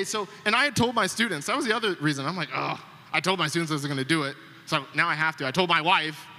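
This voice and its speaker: A young adult man preaching a storytelling sermon, animated and acting out the voices of people in his story. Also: sits high. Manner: animated, acts out quoted voices. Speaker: pastor. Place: church sanctuary. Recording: long reverb of a church hall.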